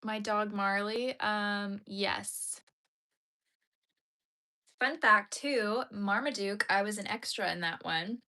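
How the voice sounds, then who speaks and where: A young woman with a bright, clear tone chats casually on a live stream as she crochets. She talks straight to her chat, easygoing and friendly, and gets a little teary over sad dog films. A mid-range voice on a close desk mic. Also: mid-range voice, takes it slowly, long pauses. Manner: chatty, reacts to chat, turns tearful over sad dog movies.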